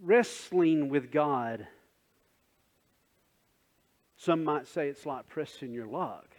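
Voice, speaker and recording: A man's voice: on the high side, animated, slow, darkish tone. A man preaching a sermon in a conversational way, asking the congregation questions and acting out scenes. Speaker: pastor. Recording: dull sound with long hall reverb.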